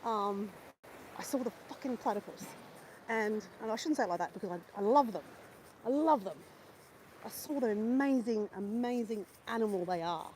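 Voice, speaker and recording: A woman's voice: on the high side, moderate pace, slight background noise, rough recording. Chatty Australian woman swearing outdoors. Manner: chatty, animated, swears freely. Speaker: vlogger. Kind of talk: casual live-stream chat while walking. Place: outdoors near a lake and bridge.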